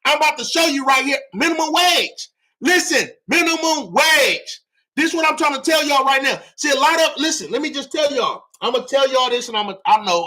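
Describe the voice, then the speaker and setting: Hyped high-voiced man preaching to his livestream. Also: pushed and bright. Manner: hyped, preachy, repeats himself, drops AAVE slang. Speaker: livestream host teaching real estate. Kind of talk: livestream teaching talk to viewers.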